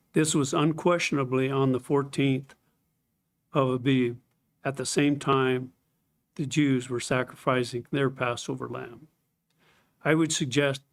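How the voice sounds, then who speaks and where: Methodical man giving a Bible study. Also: medium pitch. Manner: methodical, explanatory, reads scripture aloud, clears throat often. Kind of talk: scripted Bible study lecture.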